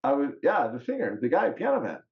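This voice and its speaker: A man's voice: mid-range voice, quick pace, vocal fry. Man telling stories on a podcast, laughs a lot, kinda muffled audio. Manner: animated, laughs often, acts out quotes. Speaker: podcast guest. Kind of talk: casual storytelling.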